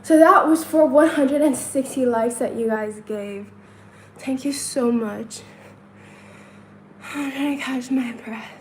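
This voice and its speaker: Laughing often, a Chinese woman livestreams casually from her hotel room, counting out loud and replying to chat questions. Her voice is high-pitched, and the low-quality recording carries slight background noise.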